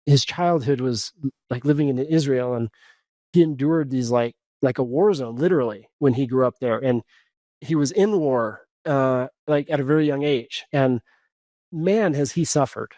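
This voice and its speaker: A man, a coach and podcast guest, tells a personal story in a casual, animated way, full of fillers and restarts. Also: medium pitch, moderate pace, no echo.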